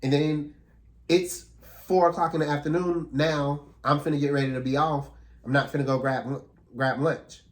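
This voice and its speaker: A man's voice: a little high, steady tone, moderate pace. A man talking earnestly and reflectively in a casual, heartfelt conversation as a podcast co-host.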